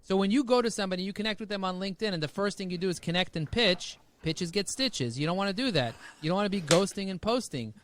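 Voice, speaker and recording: A man talking as a podcast guest over a video call, high-energy and jokey, full of rhyming catchphrases. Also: expressive, fast talker, few pauses, a little hiss or hum. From United States.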